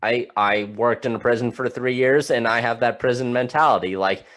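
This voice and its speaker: A man's voice: medium pitch, steady tone, brisk, a bit bright. A man hosting a podcast, asking blunt questions, swearing freely and stumbling over his words. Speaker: podcast host. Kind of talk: casual podcast chat.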